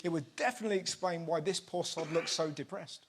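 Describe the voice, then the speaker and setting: A man hosting a TV comedy show, with an animated, mocking comic delivery in a studio with a live audience. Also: a little high, fairly quick, very noisy. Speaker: host. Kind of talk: stand-up comedy monologue and kids' interview. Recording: loud studio audience and music.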